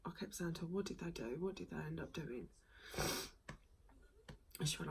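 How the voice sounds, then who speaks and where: A woman, recounting a hard personal story to camera in a soft, halting voice that often drops to a whisper. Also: low voice, animated, gravelly, slight background noise, poor audio. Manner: soft-spoken, halting, with many ums and frequent whispery stretches. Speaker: vlogger.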